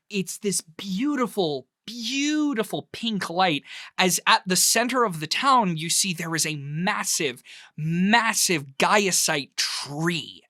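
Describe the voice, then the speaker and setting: A man running a tabletop game, describing scenes at length and stretching words for effect. His tone is bright and forceful, and the sound is dry and close to the mic. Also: fairly high pitch, no echo. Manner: descriptive, drawn-out emphasis. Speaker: game master.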